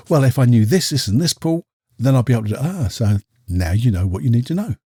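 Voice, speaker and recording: A man with a husky, slightly worn voice talks straight to the listener in a casual solo monologue. He slips into quoted voices and tosses out rhetorical questions. The sound is dry and close, with no room around it. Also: medium pitch, animated, a little fast, dark tone, dry recording. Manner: chatty, acts out quoted people, asks rhetorical questions. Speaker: podcast host and coach.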